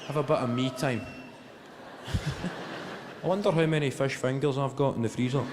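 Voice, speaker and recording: A man in his twenties with a Glaswegian Scottish accent, doing a stand-up routine and telling stories in an animated, profane way. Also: medium pitch, moderate pace, heavy background noise. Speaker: stand-up comedian. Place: live venue on stage. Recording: long hall reverb, loud ambience.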